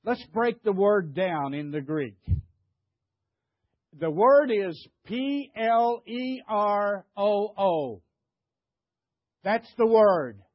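A man's voice: high-pitched, lively intonation, very slow, pauses often, dry recording, lo-fi sound. An older man preaching a sermon, emphatic, stammering and repeating himself as he questions the congregation. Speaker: pastor.

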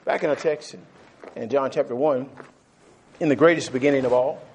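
A man preaching a sermon, animated, laughing often and repeating phrases for emphasis. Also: medium pitch, brisk, slight background noise.

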